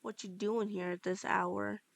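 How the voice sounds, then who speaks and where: A woman voicing a menacing male animatronic alligator who taunts in a low, growly way in a fan audio story. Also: little pitch movement, measured pace, vocal fry. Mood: taunting.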